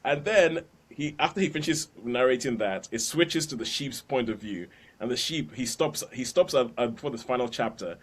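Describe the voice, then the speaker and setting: A man's voice: medium pitch, expressive, moderate pace, hardly any pauses. A man hosting a podcast, chatting casually about films and laughing between points. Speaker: podcast host. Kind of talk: casual film review chat.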